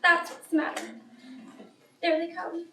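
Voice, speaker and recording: A woman's voice: very high voice, flat delivery, unhurried, pushed and bright, slight background noise, heavily acted. A girl playing a fretful mother of the bride. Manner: wistful, fretful. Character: tearful middle-aged mother of the bride. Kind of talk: high school stage play. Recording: echoey auditorium from far off.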